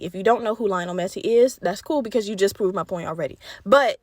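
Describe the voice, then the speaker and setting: A woman's voice: medium pitch, fairly quick, no echo, clean studio sound. A young woman hosting her own podcast, chatting casually and animatedly, swearing and laughing, with a slight stutter. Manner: animated, swearing, laughing, talks straight to listeners. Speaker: podcast host. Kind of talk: casual solo podcast chat.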